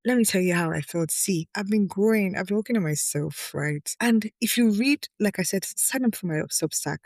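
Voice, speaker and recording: A woman's voice: medium pitch, a little fast, hardly any pauses, a little mellow, no echo. A woman hosting her own podcast, reading a personal article aloud and breaking off into frank, emotional asides to her listeners. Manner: candid and emotional, often breaking off to address listeners directly. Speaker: podcast host.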